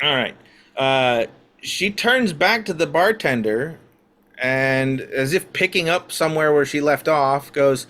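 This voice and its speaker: Male game master, slow halting narration, slightly raised voice. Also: fairly high pitch, lively intonation, fairly bright tone. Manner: slow, halting, many "uh" fillers.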